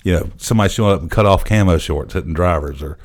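A man's voice: low-pitched, racing. A man hosting a casual golf chat, prompting his guest with questions and short replies.

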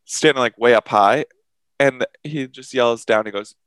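A man co-hosting a podcast, telling a story in a casual, profane, animated way and acting out what others said. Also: medium pitch, normal speed, clean tone, no echo, poor audio. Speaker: podcast co-host.

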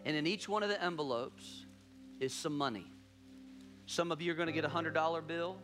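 A man's voice: fairly high pitch, fairly quick, over music. A man preaching a sermon as pastor, telling a story with emphatic repetition.

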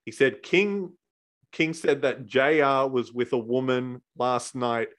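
A man co-hosting a wrestling podcast, chatty and quick to laugh while recapping. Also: mid-range voice, a bit bright. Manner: chatty, laughs often, acts out quotes. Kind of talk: casual review chat.

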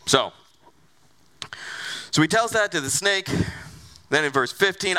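A male pastor delivers a sermon in an animated, conversational style packed with rhetorical questions. His voice is fairly high-pitched, he speaks at a moderate pace, and he takes long pauses.

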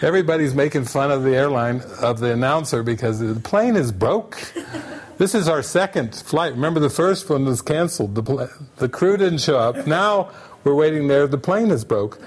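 A man telling a funny travel anecdote to an online retreat group, animated and often laughing as he goes. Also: on the high side, moderate pace. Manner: animated, repetitive storytelling, breaking into laughter. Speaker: retreat speaker.

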